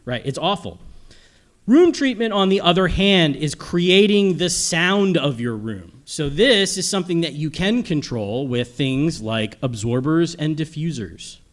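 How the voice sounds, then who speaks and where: A man's voice: fairly high pitch, expressive, measured pace. A middle-aged man giving a casual panel lecture on audio to a room, rambling and often checking in with "okay?" and "right?". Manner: chatty and rambling, asks "okay?" and "right?" after points. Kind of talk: live panel lecture to an audience.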